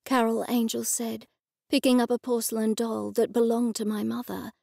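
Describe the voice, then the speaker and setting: A woman's voice: a little high, level tone, moderate pace, creaky, mellow, slightly rough, dry recording, studio quality. A woman narrating an audiobook in the first person, with wry, weary storytelling. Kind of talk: scripted narration.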